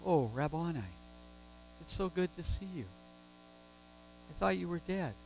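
A man's voice: fairly high pitch, a little slow, vocal fry, darkish tone, soft background music, pitched below the performer's own voice. A man voicing a joyful woman disciple in a sermon, with emphatic exclamations. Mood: hushed tender.

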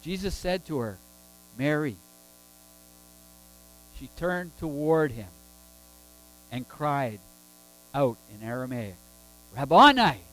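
A man's voice: mid-range voice, unhurried, pauses often, soft background music, rough recording. A man preaching a sermon, emphatic and full of rhetorical questions.

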